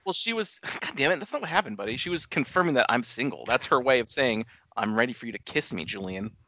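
A young man in loose, profane podcast chat, arguing and laughing, with a pitch that swings widely. His voice is bright and forceful, dry and close, recorded with a dull lo-fi quality. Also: expressive, fast, no echo. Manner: argumentative, laughs often, voice jumps up when worked up. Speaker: podcast co-host. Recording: dull lo-fi sound.

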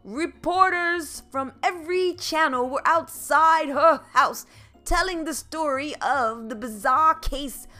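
A woman's voice: sits high, slow, pushed and bright, soft background music. A woman podcast host reading a children's book aloud, playful and adding comic asides. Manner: playful, laughs at her own asides.

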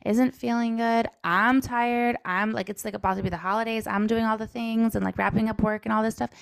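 Chatty woman with a gravelly edge. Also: a little high, fairly even intonation, brisk. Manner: chatty storyteller, many "like" fillers. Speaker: podcast co-host. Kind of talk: casual chat.

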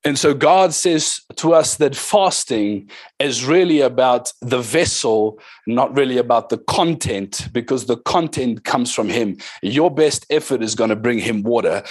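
A man's voice: mid-range voice, expressive, measured pace, slightly rough, no echo. A man preaching a sermon as pastor, with emphatic calls to the congregation and short passages in tongues.

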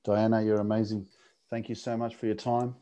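A man's voice: lowish voice, level tone, brisk. A man hosting a podcast, closing an interview and signing off in an encouraging way with many fillers. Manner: warm encouraging sign-off with fillers. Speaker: podcast host. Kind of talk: interview wrap-up and show outro.

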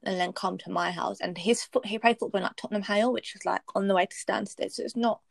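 A woman's voice: mid-range voice, steady tone, fast talker, creaky, no room sound. A young woman, candidly telling a personal story in casual chat, blunt and swearing freely.

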